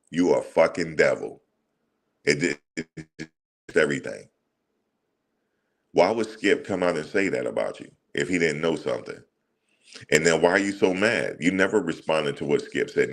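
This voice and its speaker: Very deep gravelly man ranting. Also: fairly bright tone. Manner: heated, profane, repeats himself. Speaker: sports commentary channel host. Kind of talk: casual ranting monologue.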